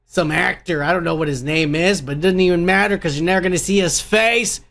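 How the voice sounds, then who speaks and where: A man's voice: sits high, a little fast, creaky, a bit bright. A man hosting a podcast, delivering an angry, profane rant in a movie review and swearing constantly. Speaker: podcast host.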